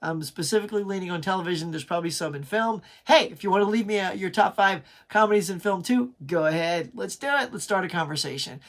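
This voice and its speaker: Middle-aged guy hosting his own channel, excited and rambling, casual review talk. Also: high-pitched, fast, hardly any pauses. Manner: chatty, enthusiastic, frequent restarts and fillers. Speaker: pop culture channel host.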